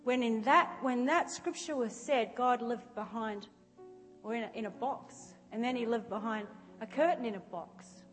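A woman preaching an animated sermon that swings from shouting to soft, quiet speech. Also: a little high, normal speed, big-room sound, soft background music. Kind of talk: lively sermon with acted-out prayers.

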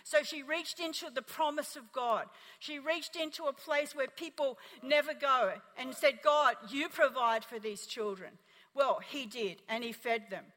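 An Australian woman pastor preaching a sermon, telling a story in an animated, emphatic way. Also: high voice, a little slow, few pauses, long reverb tail.

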